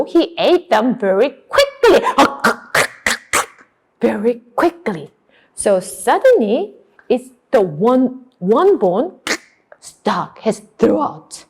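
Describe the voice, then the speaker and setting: A woman teacher giving a demonstration class, telling a storybook tale slowly and with exaggerated expression. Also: a little high, gravelly, slightly rough. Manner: slow, exaggerated and animated.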